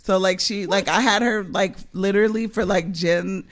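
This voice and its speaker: A young woman telling a story on a podcast. Her talk is casual and animated, full of swearing, and she laughs often. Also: medium pitch, moderate pace. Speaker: podcast co-host.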